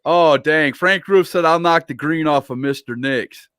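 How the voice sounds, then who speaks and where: A man's voice: a little high, measured pace, fairly bright tone, clean tone, dry recording, studio quality. A man hosting a casual livestream interview, playful and teasing as he reads viewer comments aloud. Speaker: interview host.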